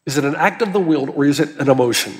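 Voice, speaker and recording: A man's voice: on the high side, fast talker, darkish tone, long reverb tail. A man preaching a sermon as pastor, earnest and emphatic, with urgency that builds as he presses his points.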